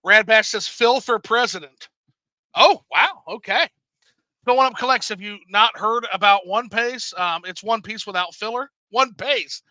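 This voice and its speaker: A man hosting a casual livestream, reading chat aloud, animated and swearing freely. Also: high voice, a little slow, no room sound, rough recording.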